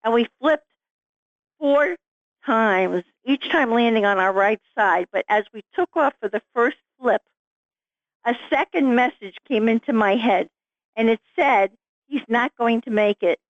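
A woman's voice: on the high side, animated, a little slow, no room sound. Woman, middle-aged, vivid storyteller, dry close sound, muffled lo-fi. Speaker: author guest. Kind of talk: storytelling interview.

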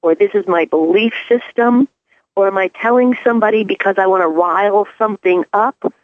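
A woman with a New York accent talks things through in a musing way, posing questions to herself as she goes. Her voice sits at a middling pitch. It comes over a thin, phone-like line with no room sound. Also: fairly quick, dry recording. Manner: reflective, asks rhetorical questions. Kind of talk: casual chat.

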